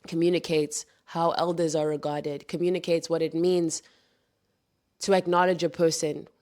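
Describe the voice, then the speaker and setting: A woman's voice: low-pitched, flat delivery, moderate pace, a little mellow. A woman hosting a reflective spoken monologue, earnest and heartfelt, calling her listeners darlings and loves. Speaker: podcast host.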